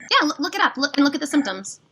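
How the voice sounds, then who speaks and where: A woman's voice: sits high, big pitch swings, fast talker, fairly bright tone, slight background noise. A woman with a Midwestern American accent arguing heatedly on a livestream, talking over the other person with sarcasm. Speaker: livestream debater.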